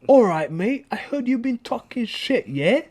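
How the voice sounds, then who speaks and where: A brash, swaggering mock-Cockney lad, as a man puts him on for a laugh. He speaks high and pushy, tagging every line with a challenging "yeah?". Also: very animated, a little slow, darkish tone, exaggerated voice. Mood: mock tough. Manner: swaggering, tags lines with "yeah?".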